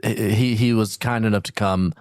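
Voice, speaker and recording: Deep-voiced deadpan comedy co-host. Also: male voice, moderate pace, dry recording, studio quality. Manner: deadpan, playfully absurd. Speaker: comedy morning show co-host. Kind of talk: improvised comedy banter.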